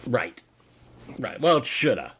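A middle-aged man hosting a radio interview, talking in a rambling, halting way with many fillers. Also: mid-range voice, sing-song, fairly bright tone, husky. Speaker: radio host.

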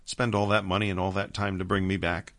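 A man's voice: low voice, flat delivery, a little fast, a bit bright. A man voicing a weary, teasing man brought back from the dead in a storybook reading. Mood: wry. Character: man returned from the dead, wry, emotional, weary.

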